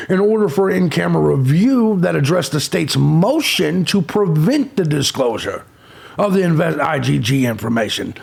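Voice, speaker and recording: A man's voice: high-pitched, creaky, husky. A man hosting a true crime channel, ranting abrasively with insults and sarcasm. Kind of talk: profane ranting commentary.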